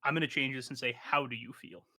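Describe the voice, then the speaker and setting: A man's voice: medium pitch, fairly even intonation, fast, sharp tone. A man streamer chatting on a live stream, blunt and profane, giving advice in a lecturing way. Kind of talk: casual live-stream chat.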